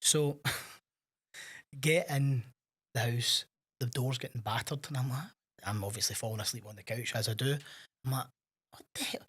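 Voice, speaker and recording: A Scottish man co-hosting a podcast in casual chat, telling animated anecdotes and acting out the voices of people in his stories. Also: medium pitch, moderate pace, husky. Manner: animated storyteller, acts out quoted voices. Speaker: podcast co-host.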